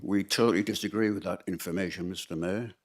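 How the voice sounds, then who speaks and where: A man's voice: low-pitched, steady tone, quick pace. Combative man asking pointed questions. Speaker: member of the public asking questions. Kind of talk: public question time at a council meeting.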